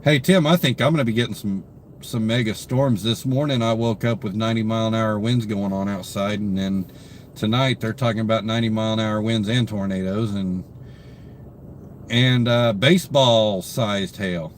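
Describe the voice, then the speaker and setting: A man's voice: fairly low pitch, normal speed, slight background noise. A tired young man hosting a casual live stream, greeting viewers by name and chatting with lots of fillers. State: tired, yawning. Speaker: livestream host. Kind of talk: casual live-stream chat reading comments.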